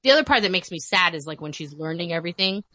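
Low-voiced woman retelling film scenes. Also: no room sound. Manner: animated retelling, quick laughs, acts out quotes. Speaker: podcast guest. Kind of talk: casual film chat.

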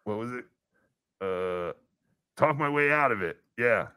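A man's voice: mid-range voice, lively intonation, a little slow, bright, forceful tone, smooth, dry recording. A man hosting a casual live-stream talk show, joking and teasing his co-host with mock indignation.

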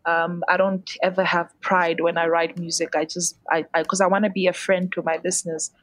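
A woman's voice: fairly low pitch, level tone, a little fast, a bit bright, dry recording. A woman singer and songwriter from South Africa's Eastern Cape, chatting frankly in an interview and laughing often at her own blunt humor. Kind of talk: casual interview chat.

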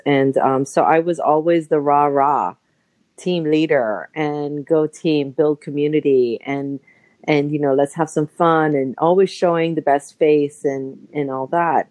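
Chatty woman with a low voice, dry sound. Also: no echo. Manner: emotional, chatty, full of "you know" fillers, lively quoted voices. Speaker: interview guest. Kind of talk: personal story in a podcast interview. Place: Los Angeles.

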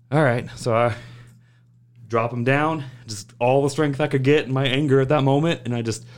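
A man casually telling an animated, profane story about his old job, acting out other people's lines as he goes. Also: medium pitch, unhurried. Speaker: guest recounting work stories.

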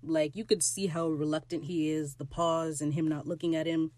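Excitable podcast host gushing, dry close sound. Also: dry recording. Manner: excitable, gushing, swears freely, quick shifts between loud squeals and low asides. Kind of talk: solo episode recap, casual rant.

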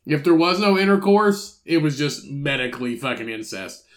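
A man's voice: fairly high pitch, expressive. A man co-hosting a podcast, reading out a news story and ranting with heavy profanity in casual chat. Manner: profane, ranting, quick bursts. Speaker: podcast co-host.

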